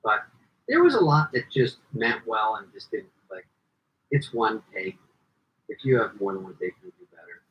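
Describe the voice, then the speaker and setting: A man's voice: moderate pace, muffled recording, slight background noise. A man chatting casually on a podcast, telling stories and acting out quotes, swearing and laughing often. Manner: animated, acts out quotes in jumps of pitch. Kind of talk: casual chat, storytelling.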